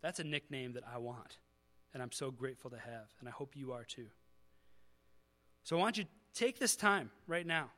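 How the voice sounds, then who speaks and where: A man's voice: mid-range voice, expressive, normal speed, pushed and bright. A male pastor preaching a conversational sermon, building to emphatic peaks before communion.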